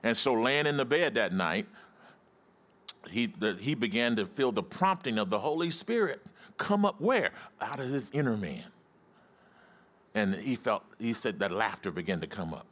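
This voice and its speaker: A man's voice: lowish voice, expressive, moderate pace, a bit bright. A male pastor preaching a sermon, emphatic and calling out to his congregation for responses.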